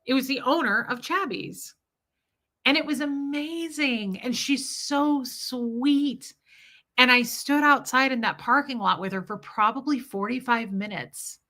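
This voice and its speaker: A woman's voice: a little high, bright, forceful tone. A woman vlogger telling a story to her viewers and answering their comments in a candid, chatty way, often laughing and addressing the audience.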